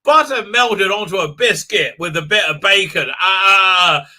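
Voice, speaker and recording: A man's voice: high voice, measured pace, sharp tone. A man hosting a casual live stream, talking in a rambling way with many fillers, restarts and frequent laughs. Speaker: livestream host.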